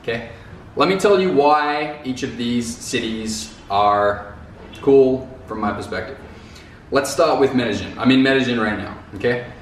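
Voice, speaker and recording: A man with a mid-range voice and lively intonation talks to the camera in an unhurried, rambling way, repeating words and using casual slang. He's recorded off mic from a distance in a very echoey room with faint noise.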